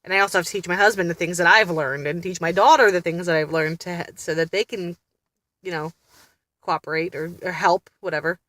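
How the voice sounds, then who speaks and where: Candid, laughing mom vlogger. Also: female voice, fairly low pitch, fairly even intonation, fairly quick, a bit bright, no echo. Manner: chatty, candid storytelling with frequent laughter; exasperated, blunt. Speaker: mother vlogging about family therapy. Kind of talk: casual vlog chat.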